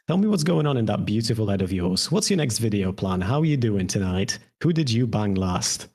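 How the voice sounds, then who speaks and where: A man's voice: on the low side, very animated, fairly quick, a little mellow. Man teasing in mock-therapist tones. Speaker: panelist. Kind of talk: teasing casual chat.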